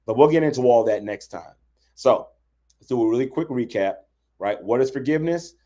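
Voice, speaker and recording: A man's voice: mid-range voice, expressive, fairly quick, dark tone. A man teaching relationship boundaries on a livestream, talking conversationally and often checking in with "right?". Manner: conversational, keeps asking "right?". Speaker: relationship coach.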